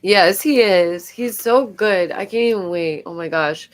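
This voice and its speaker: Hosting a live stream, a woman with a New York accent chats casually in a mid-range voice at a measured pace. She tends to repeat herself, giggles a lot, and her nose sounds stuffed up.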